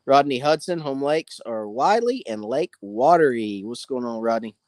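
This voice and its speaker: A man's voice: mid-range voice, animated, moderate pace, a little mellow, dry recording. Man, fishing host, live stream chat, friendly drawl, dry close mic. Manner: chatty, greets viewers by name, drawling. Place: outdoors by a campfire.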